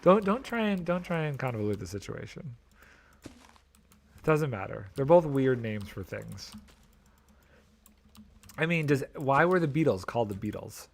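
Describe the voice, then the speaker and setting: A man's voice: medium pitch, big pitch swings, unhurried, vocal fry, pauses often. A man streaming a video game, chatting casually and thinking aloud, mildly exasperated and joking as he plays, talking into a desk microphone. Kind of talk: casual gameplay commentary.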